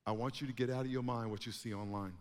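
A man preaching a sermon to a congregation, animated, with emphatic rising bursts. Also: medium pitch, fast. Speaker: pastor. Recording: long hall reverb.

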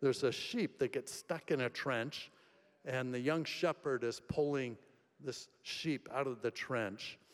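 A man preaching a sermon in a conversational storytelling way, swinging between soft and emphatic delivery. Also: mid-range voice, measured pace. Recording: long hall reverb.

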